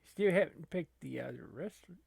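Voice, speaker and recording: A man playing a gravelly, teasing gamer buddy. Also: a little high, animated, moderate pace, darkish tone, no echo, exaggerated voice. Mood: chatty. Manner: teasing, easygoing, repeats phrases. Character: laid-back buddy gamer, needling and chatty. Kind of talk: comedy gaming sketch.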